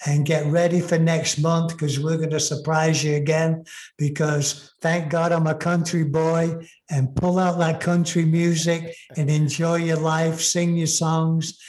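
A man's voice: a little high, level tone, a little mellow. Enthusiastic English-born man in an echoey room. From England. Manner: rambling, enthusiastic, drawn-out emphasis. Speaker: podcast co-host. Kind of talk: casual podcast sign-off.

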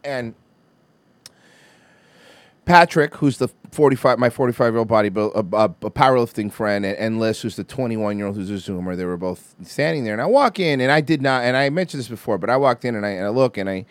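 Medium-pitched and fairly quick, this podcast host speaks in a clean recording with no echo. He chats casually, ranting profanely and telling lively stories packed with swearing.

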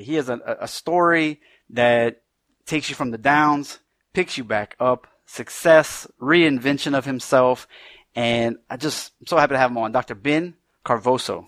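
A man's voice: medium pitch, a little slow, fairly bright tone, dry recording, studio quality. A man with a faint Cajun American accent hosting a podcast interview, upbeat and chatty, laughing easily. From Louisiana, United States. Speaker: podcast host.

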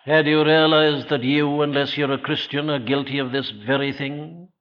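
An earnest preacher gives an evening sermon in a church, his voice slightly high and his tone steady. He puts questions directly to listeners and slows on key phrases, rhetorical throughout. The old sermon recording is dull and lo-fi.

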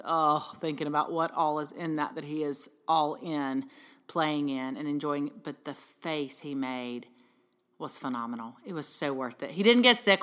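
A middle-aged parenting speaker and podcast host addresses mothers in a heartfelt motivational talk. Her voice sits low with a bit of brightness, and she sounds earnest and encouraging, asking many rhetorical questions.

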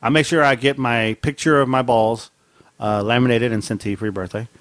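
A middle-aged man of Mexican heritage co-hosts a podcast, speaking a little fast with a fairly bright tone and fairly even intonation, though his pitch also swings widely. He tells rambling, profane stories and laughs a lot in casual chat, recorded with no room sound.

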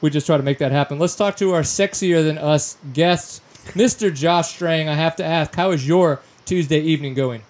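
A man from Louisiana hosts a casual podcast chat, reading sponsor plugs with loose slang and easy jokes. His voice sits a little high for a man. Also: moderate pace, darkish tone. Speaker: podcast host.

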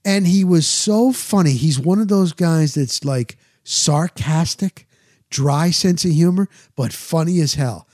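A male host spinning a casual story on air, his voice sitting a little high for a man. He acts out each person he quotes. The sound is close and dry, with no room around it. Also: unhurried, darkish tone, no room sound. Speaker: radio show host.

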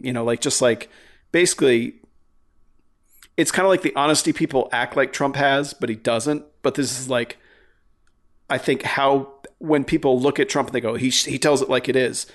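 A man's voice: mid-range voice, steady tone, normal speed. A man in casual podcast chat, rambling with many fillers and frequent swearing.

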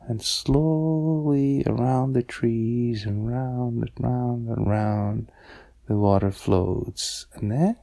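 Slow gravelly man telling a bedtime story. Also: medium pitch, dark tone. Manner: meandering, repeats words, drops to whispers.

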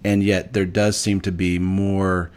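A man hosting a podcast, speaking reflectively and searching for his words with many pauses and fillers. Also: deep voice, flat delivery, darkish tone, smooth. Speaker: podcast host. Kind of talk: casual podcast conversation.

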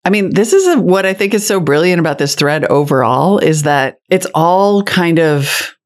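A woman co-hosting a podcast, bantering quickly and chiming in with short agreements. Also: lowish voice. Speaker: podcast co-host. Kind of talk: casual business podcast chat.

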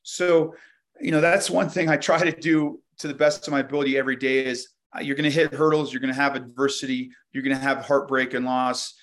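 A man's voice: medium pitch, little pitch movement, fairly quick, a bit bright. A man being interviewed as a guest, talking reflectively and telling stories with frequent restarts. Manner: reflective storyteller, many restarts. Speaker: guest, inventor. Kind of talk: casual interview conversation.

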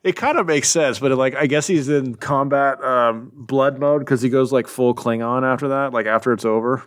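A man chatting casually on a podcast, thinking out loud about a comic. He hedges often and fills his sentences with likes and ums. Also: mid-range voice, normal speed. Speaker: podcast co-host. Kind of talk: casual chat.

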